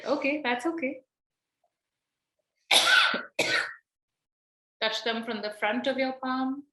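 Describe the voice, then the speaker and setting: A woman's voice: high-pitched, sing-song, very slow, long pauses, pushed and bright, slight background noise. A woman leading a playful guided movement exercise on a video call, coaxing and laughing often. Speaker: workshop facilitator. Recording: roomy echo.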